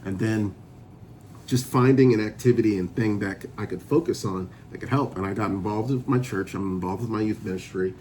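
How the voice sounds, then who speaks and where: A man telling his personal testimony in a relaxed, chatty way, often laughing as he goes. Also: fairly low pitch, a little fast, slight background noise. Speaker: vlogger sharing a sobriety testimony. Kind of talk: casual personal storytelling.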